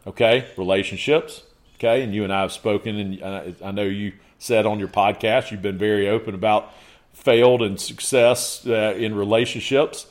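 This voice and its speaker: A man's voice: on the low side, steady tone, normal speed. A man as a podcast guest in casual conversation, laying out his points in emphatic lists and checking in with "okay".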